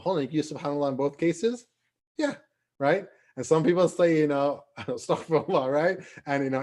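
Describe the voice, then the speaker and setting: A man teaching an online youth class over a video call, lively and asking his students questions as he acts out quotes. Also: on the high side. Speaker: Islamic teacher.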